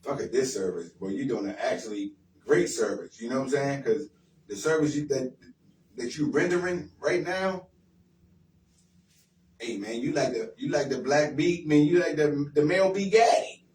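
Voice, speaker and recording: A man's voice: medium pitch, normal speed, a little mellow. A man hosting a casual radio talk, speaking bluntly and encouragingly, with street slang and repetition. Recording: roomy sound from far off the mic with faint noise.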